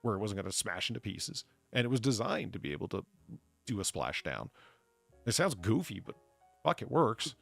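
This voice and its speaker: A man's voice: lowish voice, sing-song, normal speed, vocal fry, fairly bright tone, dry recording, soft background music. A man co-hosting a casual chat show, rambling and profane as he riffs on trivia. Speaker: podcast co-host.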